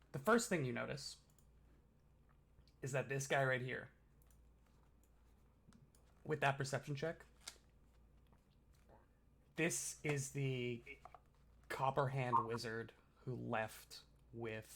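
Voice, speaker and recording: A man's voice: medium pitch, takes it slowly, vocal fry, long pauses, fairly bright tone, a little hiss or hum. A man running a tabletop game as game master, narrating casually with many fillers.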